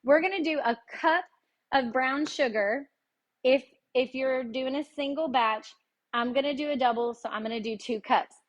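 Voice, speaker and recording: Woman, Tennessee accent, high-pitched, folksy, chatty, live cooking lesson host. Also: moderate pace. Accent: Southern US, Tennessee. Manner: chatty, folksy, talks to viewers directly.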